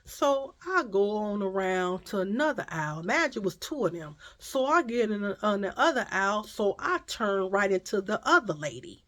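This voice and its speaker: A woman telling a casual, profane story in an emphatic, animated way. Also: mid-range voice, normal speed, few pauses.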